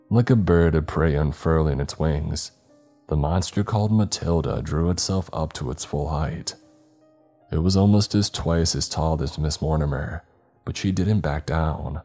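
Very deep-voiced male horror narrator. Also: mellow, faint music behind. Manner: measured, dramatic storytelling.

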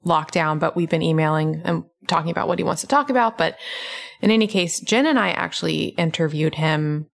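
A woman's voice: low-pitched, brisk, vocal fry. A woman hosting a podcast, explaining ideas step by step in casual conversation. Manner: explanatory, lays out advice step by step. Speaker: podcast host.

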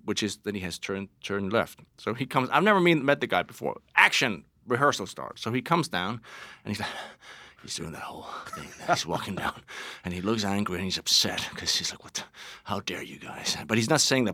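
A Danish-accented man tells animated stories as an interview guest, often restarting his sentences. His voice is bright and forceful, and the studio sound is dry and close. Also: on the low side, no echo. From Denmark. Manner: animated anecdotes with many restarts and laughs. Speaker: actor guest. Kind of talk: casual interview storytelling.

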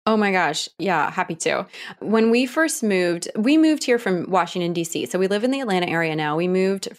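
Woman in her 30s, from Ohio, lively storyteller, laughs often, acts out voices. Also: moderate pace. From Ohio, Cleveland area. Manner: lively, laughing, acts out quotes with big pitch jumps. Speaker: guest, author. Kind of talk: animated storytelling in a podcast interview.

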